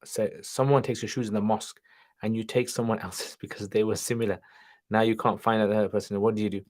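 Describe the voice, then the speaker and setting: This livestream host, who studied in Pakistan for nine years and is now in England, reads viewers' questions aloud and tosses off casual answers peppered with Arabic greetings and religious terms. He speaks quickly in a lowish, flat, darkish voice.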